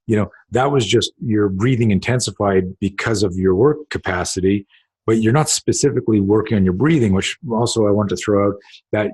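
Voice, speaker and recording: A middle-aged man, a self-defense coach, telling stories in a casual interview, rambling and animated, acting out quotes with swearing. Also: deep voice, husky. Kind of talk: casual storytelling in a podcast interview.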